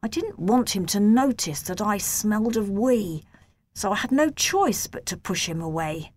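A woman reading a children's novel aloud in a gentle, measured first-person storytelling voice. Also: medium pitch, expressive. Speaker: audiobook narrator.

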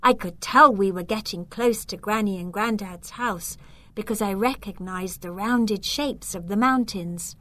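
A woman narrating a children's storybook aloud in a clear, measured way. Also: mid-range voice, fairly bright tone. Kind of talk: storybook reading.

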